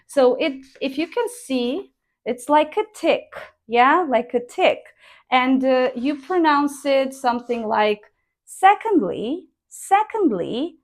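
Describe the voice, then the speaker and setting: A woman teaching pronunciation in a slow, measured way, reading sentences out word by word as a dictation. Her voice sits a little high, and she models each tone carefully for her students. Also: darkish tone. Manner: dictates slowly word by word, demonstrating intonation. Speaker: English speaking teacher.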